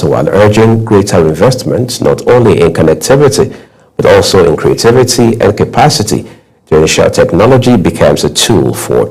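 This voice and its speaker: A man reading the news as anchor in a measured, formal way. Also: low-pitched, a little mellow, husky, poor audio.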